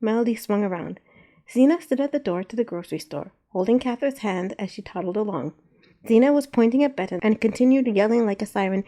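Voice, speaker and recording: A woman narrating a story aloud in a measured, even reading. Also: medium pitch.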